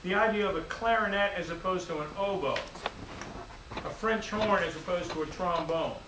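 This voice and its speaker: A man, a music teacher, giving a lively, playful classroom lecture full of demonstrations. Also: high-pitched, normal speed, noisy background. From United States. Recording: echoey room, distant mic, faint ambience.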